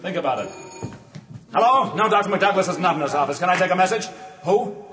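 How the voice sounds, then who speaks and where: Guy doing a desperate husband at the end of his rope, anxious and pleading, highish voice, roomy echo. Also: lively intonation, fast talker. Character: desperate married man fleeing his life. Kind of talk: musical theatre acting and singing.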